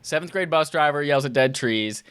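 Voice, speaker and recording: A man's voice: a little high, normal speed, fairly bright tone, clear, resonant tone, dry recording. A man co-hosting a podcast who plays a quiz, thinking aloud in a jokey, casual way. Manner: thinks aloud, jokey, puts on mock voices. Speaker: podcast co-host playing a quiz.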